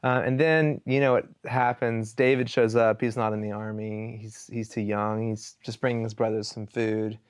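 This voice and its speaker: Animated male pastor, dry close sound. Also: fairly low pitch, moderate pace, hardly any pauses, clear, resonant tone, no room sound. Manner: animated, casual storyteller with filler words. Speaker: worship pastor. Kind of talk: conversational teaching, retelling scripture stories.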